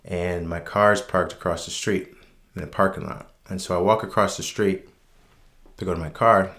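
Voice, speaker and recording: Deep-voiced man recounting a personal story offhand, unscripted, sincere. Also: moderate pace. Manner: relaxed, unscripted, frequent ums and restarts; reflective, earnest. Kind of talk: casual personal anecdote.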